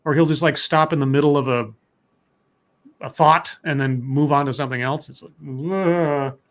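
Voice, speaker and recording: A man's voice: medium pitch, steady tone, fairly quick, a bit bright. A man co-hosting a casual livestream, reading news stories aloud and rambling on with chatty asides and fillers.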